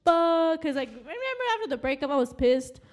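A woman's voice: sits high, big pitch swings, brisk. A young woman co-hosting a casual chat, talking candidly, swearing freely and laughing often. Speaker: podcast co-host.

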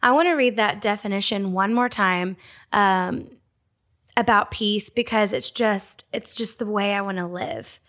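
This devotional talk comes from a young woman from Georgia, USA, who speaks at a Christian ministry. Her mid-range voice is a little slow. She tells stories in a casual, warm way, using fillers and laughing lightly.

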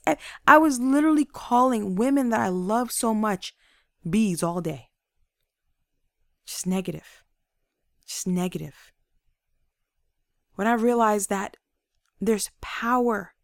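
A woman host giving an energetic, preachy motivational talk straight to her listeners. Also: a little high, no echo, studio quality.

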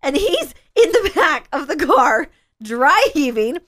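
A woman's voice: high voice, takes it slowly, no room sound. Woman in her 30s telling a story, voice all over the place, dry close mic. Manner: animated, acts out a child's and others' voices in her stories. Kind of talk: casual storytelling chat.

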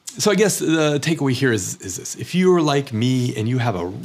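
A man's voice: medium pitch, sing-song, moderate pace. A man, an immigrant, talking in a reflective casual monologue, thoughtful and hedging with frequent fillers. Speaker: immigrant sharing experiences.

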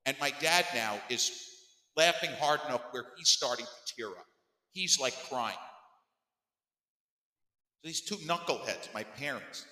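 A man around fifty telling a personal story on his podcast in an animated, emphatic way, his voice climbing high when he gets worked up. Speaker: podcast host. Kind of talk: storytelling monologue. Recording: echoey room with long reverb.

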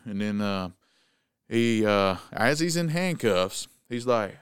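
A man's voice: on the low side, takes it slowly, clear, resonant tone, no echo, studio quality. A man hosting a casual chat and telling a story, acting out the quotes. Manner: animated, acts out the quotes. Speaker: show host telling a story.

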